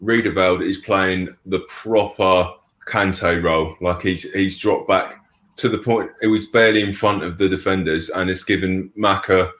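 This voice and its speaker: Low-voiced man in an echoey room. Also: normal speed. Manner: relaxed, lots of ums. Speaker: co-host of fan watch-along. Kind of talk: casual football analysis.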